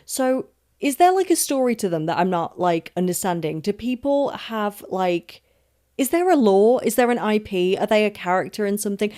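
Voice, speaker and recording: A woman's voice: medium pitch, animated, moderate pace, dark tone. A young woman from London, hosting a solo podcast in a chatty, rambling, emphatic way, swearing often and making asides about herself. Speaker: podcast host. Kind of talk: casual solo podcast rant.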